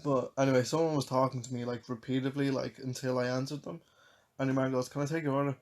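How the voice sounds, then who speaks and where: A woman's voice: a bass voice, steady tone, fast talker, darkish tone. A woman in her twenties with an Irish accent, co-hosting a podcast, reading anecdotes and telling stories in casual chat, giggling often. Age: 20s. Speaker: podcast co-host.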